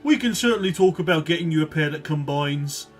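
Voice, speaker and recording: Man playing a rambling gnome shopkeeper, slightly high, shaky put-on accent, full of ums. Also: expressive, brisk, faint music behind, natural voice. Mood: eager. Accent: vague Birmingham-like put-on accent. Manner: hesitant, rambling salesman patter with many fillers. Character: small chatty male gnome shoe-shop keeper.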